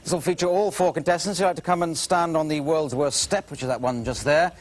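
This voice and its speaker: A man's voice: a little high, fairly even intonation, a little fast. A British man hosting an improv comedy show, hesitant and full of filler words. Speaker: game show host.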